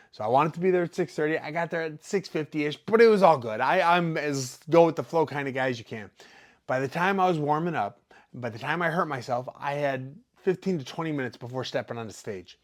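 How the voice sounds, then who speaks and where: A man's voice: on the high side, lively intonation, brisk. A professional fighter telling a casual story, acting out quotes and sound effects as he goes.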